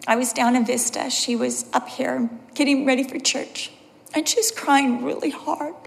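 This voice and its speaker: A woman's voice: high voice, fairly even intonation, normal speed, vocal fry. A middle-aged woman giving a sermon as a Bible teacher, telling personal stories and acting out the quotes. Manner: personal storytelling with acted quotes. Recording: long hall reverb.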